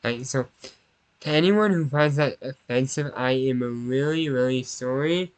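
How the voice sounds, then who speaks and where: A man's voice: mid-range voice, unhurried, smooth, low-quality recording. A man narrating his playthrough of a story game in a chatty, self-conscious way. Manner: apologetic, self-conscious aside. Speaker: gameplay narrator.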